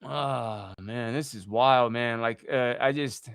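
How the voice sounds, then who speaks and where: Here the livestream host's voice sits at medium pitch and comes out slowly, a bit bright and smooth. The studio sound is clean with no room sound as he reads texts aloud and rants indignantly, swearing frequently, in a casual way.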